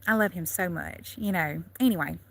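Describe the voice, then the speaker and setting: A woman's voice: fairly low pitch, normal speed, creaky, fairly bright tone. A woman from Louisiana with a Southern accent, chatting on a casual live stream, rambling and laughing often. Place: in and around a car.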